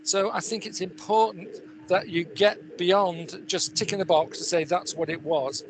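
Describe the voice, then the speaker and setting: A man's voice: high voice, steady tone, a little slow, background noise. A man on a conference panel who rambles and fires off pointed questions. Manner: probing, full of questions, rambling. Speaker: patient representative panelist.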